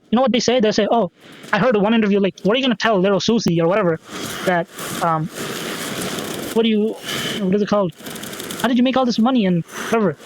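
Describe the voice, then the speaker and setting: A man's voice: high voice, a little hiss or hum, poor audio. A man hosting a solo podcast, rambling and swearing, with lots of fillers and restarts as he repeats himself. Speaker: podcast host.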